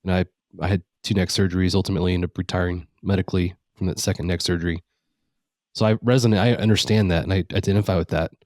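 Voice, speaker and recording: Low-voiced, reflective male podcast host. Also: fairly even intonation, fast, a little mellow, no echo, clean studio sound. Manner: reflective, relates the story to his own experience. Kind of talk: casual interview chat.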